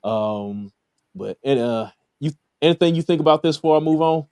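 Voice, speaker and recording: Man, Southern US accent, casual review host, laid-back, lots of fillers, very lively pitch, dry close sound. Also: normal speed, clean tone, no echo. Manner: laid-back, lots of fillers, laughs at his own remarks. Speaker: podcast host reviewing a TV episode.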